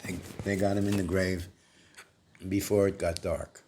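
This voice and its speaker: Slow, halting man preaching. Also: deep voice, level tone, mellow, slight background noise. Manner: halting, with rhetorical questions and repeated words; grows heated and insistent. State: recovering from a cough. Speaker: lay preacher. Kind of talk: informal Bible commentary.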